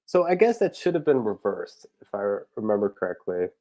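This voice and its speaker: A man's voice: on the low side, big pitch swings, fairly quick, mellow. A man chatting casually about his parody episode ideas, loose and rambling with lots of fillers, chuckling at his own jokes. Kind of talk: casual rambling talk to camera.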